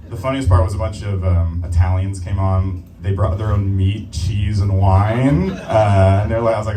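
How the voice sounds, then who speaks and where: A man's voice: fairly low pitch, moderate pace, few pauses, mellow. Self-mocking male stand-up comic. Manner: self-mocking, bouncing between his own voice and put-on voices. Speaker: stand-up comedian. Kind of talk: stand-up comedy set. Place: club stage before a laughing crowd. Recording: roomy live club sound from a distance.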